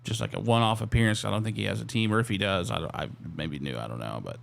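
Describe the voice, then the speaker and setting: A man's voice: lowish voice, fast, gravelly. A man co-hosting a casual podcast chat, rambling and correcting himself as he goes, with a teasing streak. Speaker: co-host.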